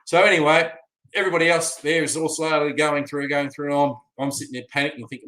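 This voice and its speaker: A man's voice: a little high, level tone, fast talker, pushed and bright. An Australian man telling a rambling travel story in a casual, chatty way, full of fillers. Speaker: vlogger. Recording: roomy echo.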